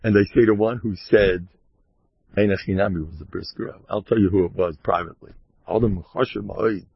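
Gravelly rabbi with wry sarcasm. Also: male voice, lowish voice, brisk, dry recording. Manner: wry, mock-boastful sarcasm; sprinkles Hebrew and Yiddish terms. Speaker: rabbi giving a talk. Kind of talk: informal Torah talk with jokes. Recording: dull lo-fi recording.

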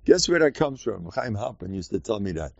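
A man teaching a Torah class in a lively way, acting out quoted voices and laughing often. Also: on the low side, fairly quick, creaky, no room sound, dull audio.

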